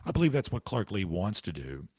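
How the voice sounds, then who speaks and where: A man's voice: on the low side, big pitch swings, fairly quick, darkish tone, no room sound. A man hosting a sports talk podcast, answering listener comments with casual, emphatic, opinionated commentary while he has the hiccups.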